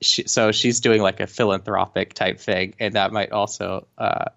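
A young man with a low, gravelly edge to his voice chats casually as co-host, stumbling through fillers and restarts. The recording sounds dull and lo-fi, like a home setup. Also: steady tone, a bit bright. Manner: halting, many fillers and restarts, laughs often. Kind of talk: casual chat about reality TV.

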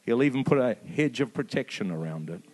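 A man, preaching a sermon with impassioned emphasis that rises to peaks and drops soft. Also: medium pitch, expressive, a little fast, husky. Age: 50s. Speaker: pastor.

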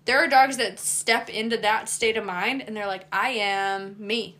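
Bright animated woman dog trainer. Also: on the high side, normal speed. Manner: animated, swears freely, acts out dog voices. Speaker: dog trainer and podcast host. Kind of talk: casual chat.

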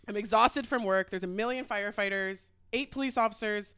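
A young woman co-hosting a podcast, telling a story in a dramatic, animated casual chat. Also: medium pitch, a little fast, smooth. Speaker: podcast co-host.

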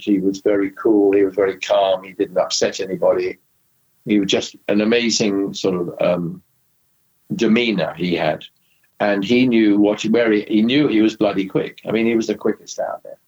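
Older Englishman, husky low voice. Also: fairly even intonation, normal speed, darkish tone, dull audio. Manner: rambling, frequent restarts and asides. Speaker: interview guest, former racing driver. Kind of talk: anecdotal storytelling in conversation.

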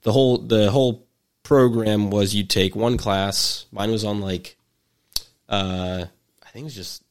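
A man's voice: lowish voice, fairly even intonation, measured pace. A man in his twenties telling a story in casual chat, rambling with many fillers and restarts, and wry and jokey in his delivery. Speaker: podcast storyteller.

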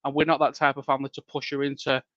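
A man, a home-educating dad talking as a podcast guest, animated and laughing often. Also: medium pitch, very fast, dry recording. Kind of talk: casual interview chat. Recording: dull lo-fi dry sound.

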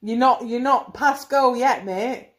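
A woman's voice: fairly high pitch, unhurried. A young woman co-hosting a casual film-review chat, teasing and ribbing her co-host with dry jokes. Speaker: podcast co-host.

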